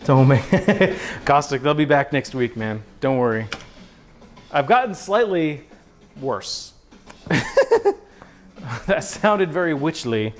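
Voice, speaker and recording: A man's voice: mid-range voice, lively intonation, measured pace, soft background music, low-quality recording. A man hosting a cooking livestream from his home kitchen, chatting to viewers in an upbeat, slangy, self-deprecating way. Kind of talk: casual livestream chat while cooking.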